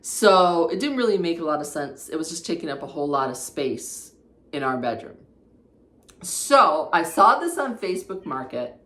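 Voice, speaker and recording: A woman's voice: sits low, big pitch swings, normal speed, fairly bright tone, reverberant. A woman showing off her redecorated bedroom in a casual home vlog, chatting as she points out each piece, filmed on a tripod camera in her bedroom. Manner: chatty, homey, shows items one by one. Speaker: home decor vlogger. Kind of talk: casual room tour vlog.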